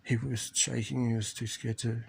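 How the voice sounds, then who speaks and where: A father telling a tender family story in a halting, rambling way, recorded in an airplane cabin. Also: medium pitch, flat delivery, creaky, darkish tone, a little hiss or hum. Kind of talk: rambling personal video diary.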